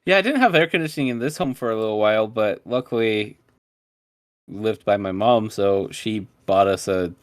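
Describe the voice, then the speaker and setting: A man co-hosting a casual chat, cracking wry deadpan jokes and sarcastic asides. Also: on the low side, normal speed, dry recording, clean studio sound. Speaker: podcast co-host.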